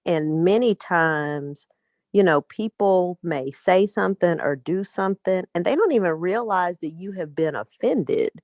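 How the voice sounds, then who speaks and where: A woman's voice: on the low side, lively intonation, measured pace, darkish tone, no echo. A woman in a group discussion, speaking in an earnest, reflective way. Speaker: group member. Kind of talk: casual discussion.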